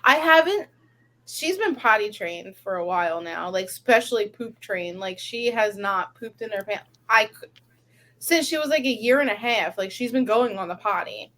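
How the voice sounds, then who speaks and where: A woman co-hosting a casual podcast, telling lively stories about motherhood and using "like" constantly. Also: mid-range voice, moderate pace. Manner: animated storyteller, lots of "like". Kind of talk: casual chat.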